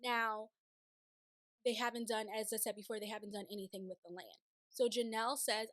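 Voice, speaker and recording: A woman hosting a casual recap of a TV show, chatty and animated, slipping into playful voices when she paraphrases. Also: a little high, normal speed, dry recording. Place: city home, sirens outside.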